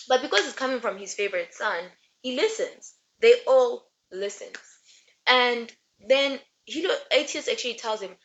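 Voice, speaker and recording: A young woman giving a casual book recap and rant, chatty and rambling with animated asides. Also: fairly high pitch, normal speed, muffled recording. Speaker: book reviewer.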